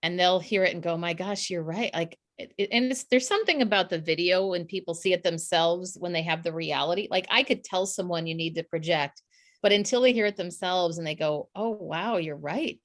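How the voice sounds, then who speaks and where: A woman's voice: lowish voice, fairly quick. A middle-aged woman, a communications coach, talking casually in a podcast interview and acting out little quotes as she explains. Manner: animated, acts out quotes with laughs.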